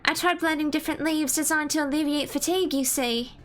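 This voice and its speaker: A woman's voice: high voice, steady tone, brisk, fairly bright tone, faint music behind, voice pushed up. A woman reading game dialogue aloud, voicing a small, cheerful young girl inventor in a chirpy, prim and polite way.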